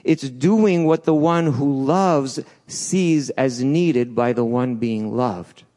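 A man preaching a sermon in a church, swinging between loud urgent peaks and soft low asides, with restarts along the way. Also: takes it slowly. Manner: passionate, rises and falls, restarts, acts out quotes.

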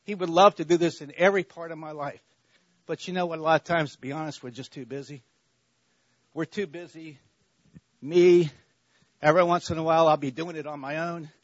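A man's voice: fairly high pitch, fairly even intonation, a little fast, long pauses, no room sound, highs cut off. A man giving a conversational faith talk at church, repeating himself and checking in with the listeners. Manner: repetitive, checks in with "okay?". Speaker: church speaker.

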